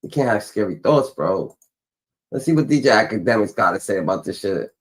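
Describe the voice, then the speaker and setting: A man's voice: lowish voice, expressive, fairly quick, rough recording. A man hosting a reaction video, talking in a casual, profane, slangy way and trailing off with filler syllables. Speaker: reaction channel host.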